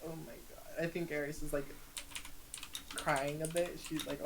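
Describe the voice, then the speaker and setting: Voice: medium pitch, flat delivery, normal speed, noisy background. A player in a tabletop game, talking in a blunt, casual way and laughing easily. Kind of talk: casual chat.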